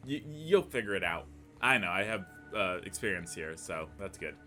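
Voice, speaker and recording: A young man talks through a game in a casual, bubbly commentary. His voice jumps around playfully, going from hushed cooing to bright exclamations, with quiet music underneath. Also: sing-song, moderate pace. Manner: bubbly and playful, swinging in pitch. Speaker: gaming channel host. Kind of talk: let's play commentary.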